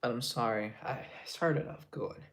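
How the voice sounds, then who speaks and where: A man's voice: mid-range voice, normal speed, a bit bright. A man on a casual live stream, reading chat aloud and answering, now and then dropping into whispered asides.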